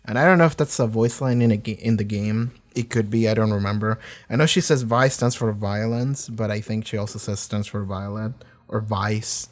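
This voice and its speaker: Low-key rambling man reviewing a show. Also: normal speed. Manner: rambling, filler-heavy, low-energy. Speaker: reaction video host. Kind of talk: casual spoken review.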